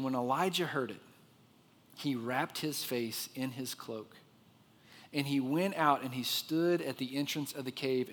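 A man preaching a sermon, telling the story with lively expression and dropping to a hushed voice for the quiet parts. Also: mid-range voice, big-room sound. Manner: expressive storyteller, drops to a soft hush for quiet moments. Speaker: pastor.

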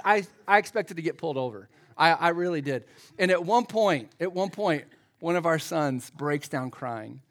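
A middle-aged man preaching a sermon, telling self-mocking stories to his congregation and building up to loud, excited shouting. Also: high voice. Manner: self-deprecating storytelling to a congregation; rises to loud excited shouting in the story's climax. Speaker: pastor.

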